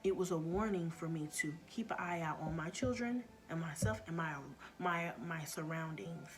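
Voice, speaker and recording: A woman's voice: on the low side, normal speed. A middle-aged woman vlogger telling a story in a casual, earnest way, often dropping to a near-whisper.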